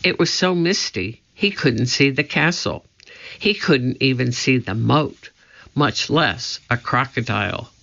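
Woman narrator, children's storybook, slow measured reading, sharp gravelly voice, dull lo-fi sound. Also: a bass voice, expressive. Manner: measured and deliberate. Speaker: audiobook reader. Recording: slightly dull lo-fi recording.

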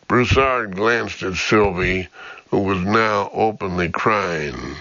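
Slow low-voiced male audiobook narrator. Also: sharp tone, no room sound. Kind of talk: scripted narration. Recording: dull dry lo-fi audio.

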